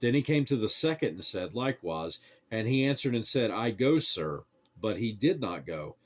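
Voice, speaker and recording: Male reader, lowish voice, even measured scripture reading. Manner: steady, measured reading cadence. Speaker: Bible reader.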